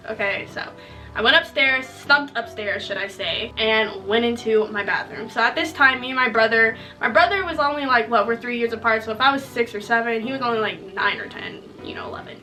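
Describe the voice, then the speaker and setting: A woman's voice: fairly high pitch, a little fast, pushed and bright, distant mic, faint music behind, rough recording. A young woman vlogger telling a story from her childhood in a chatty, joking way, often tagging lines with "okay?". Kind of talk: casual storytelling to viewers.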